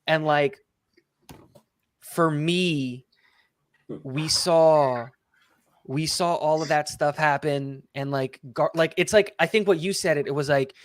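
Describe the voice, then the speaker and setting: Excitable man talking sports, dry close sound. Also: a little high, no echo. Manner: excited, rapid, repeats words as he restarts. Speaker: co-host. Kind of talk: casual sports chat.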